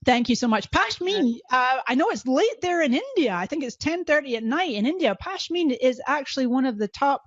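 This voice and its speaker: Scottish woman, middle-aged, lively live-stream host, fairly high voice, dull video-call sound. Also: dry recording. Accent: Scottish with some Californian. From Scotland. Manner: bubbly, quick, with frequent laughs and restarts. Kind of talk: live-stream webinar hosting. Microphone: video call microphone. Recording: dull, lo-fi web call audio.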